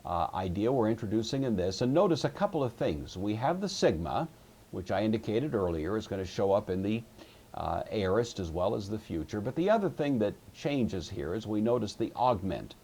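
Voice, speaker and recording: Low husky man teaching a lesson. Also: very animated, moderate pace, dark tone. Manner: patient, methodical explaining with occasional fillers. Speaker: Greek teacher. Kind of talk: recorded classroom lecture.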